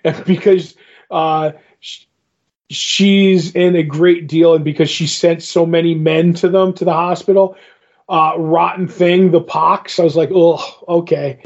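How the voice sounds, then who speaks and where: A man in casual podcast chat, retelling comic scenes with quick quoted lines. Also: on the high side, steady tone, darkish tone, highs cut off. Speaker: podcast co-host.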